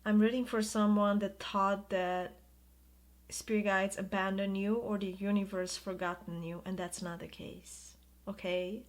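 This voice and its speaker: A woman giving an intuitive tarot reading in a soft, soothing way, drawing out her words of reassurance. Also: medium pitch, level tone, a little slow. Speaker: tarot reader.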